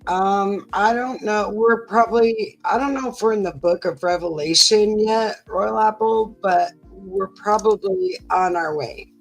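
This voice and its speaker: A woman's voice: mid-range voice, a little slow, few pauses, faint music behind, rough recording. A middle-aged woman co-hosting a livestream, rambling through stories in casual chat with lots of fillers. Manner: chatty, rambling storytelling with many fillers. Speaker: livestream co-host.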